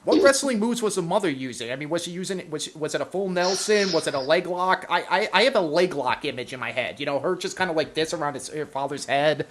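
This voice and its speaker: A man's voice: a little high, animated, fast talker, fairly bright tone, slight background noise. A man in casual podcast chat, stammering through questions and laughing a lot.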